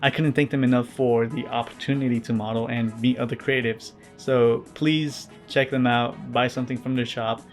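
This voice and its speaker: A man tells his story as a vlog voiceover in a flat, deadpan delivery and drops wry asides along the way. His pitch sits in the middle range. Faint music plays underneath. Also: normal speed, hardly any pauses. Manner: introverted, earnest. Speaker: vlogger. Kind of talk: scripted vlog narration.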